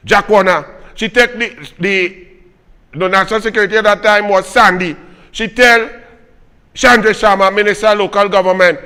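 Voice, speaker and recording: A man's voice: high voice, pushed and bright, smooth, in a large hall. A man with a Trinidadian accent hosting a political commentary show, ranting in a fiery, mocking way and hammering his points home again and again.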